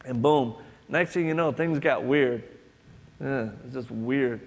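A man's voice: mid-range voice, slow pace. A man preaching a sermon, telling a personal story and acting out the voices of others. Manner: storytelling, acts out quoted voices. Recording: echoey hall, long reverb.

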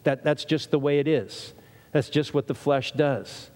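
A male preacher with a fairly high voice delivers a sermon, driving his points home through repetition and rhetorical questions. His words ring out with a long reverb, as if filling a large hall. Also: unhurried, darkish tone. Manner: emphatic, repeats phrases and asks rhetorical questions.

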